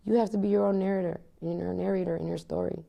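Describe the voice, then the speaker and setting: A woman's voice: on the low side, steady tone, fast, vocal fry, muffled recording. A woman in her thirties, speaking bluntly and with passion as an interview guest, cursing freely. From United States. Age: 30s. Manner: blunt and impassioned, swears freely. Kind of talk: candid conversational interview.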